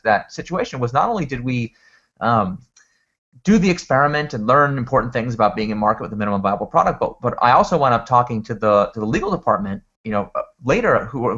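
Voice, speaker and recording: A man telling an animated story in conversation, a lively storyteller who often restarts his sentences. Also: mid-range voice. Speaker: guest speaker. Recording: dull lo-fi recording.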